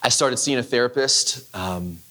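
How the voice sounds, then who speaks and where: A man's voice: medium pitch, sharp tone. Male pastor, 30s. Candid, conversational sermon delivery. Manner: candid, conversational, halting with restarts.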